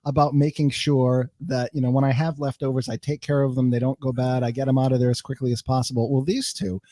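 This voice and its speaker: A man's voice: mid-range voice, fairly even intonation, quick pace, dark tone, no echo. A man guest on a podcast, chatting casually and telling self-mocking stories about his own habits. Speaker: guest, radio personality. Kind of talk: casual chat, storytelling. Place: podcast studio.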